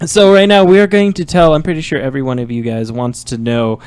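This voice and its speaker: A man's voice: mid-range voice, level tone, quick pace, a little mellow, clear, resonant tone, no echo. A man hosting an improv comedy podcast, asking playful questions and laughing often.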